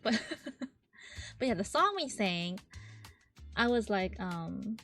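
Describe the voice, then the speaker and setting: A woman's voice: mid-range voice, expressive, a little slow, pauses often, fairly bright tone, faint music behind. A young woman streamer in casual chat, telling a story with lots of giggles and quoting the people she talks about.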